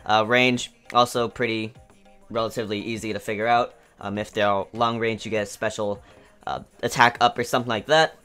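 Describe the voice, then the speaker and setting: Excitable man with a smooth voice. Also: on the low side, a little fast. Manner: excitable, rambling, lots of fillers. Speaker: gaming YouTuber. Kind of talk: excited game news commentary. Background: faint background music.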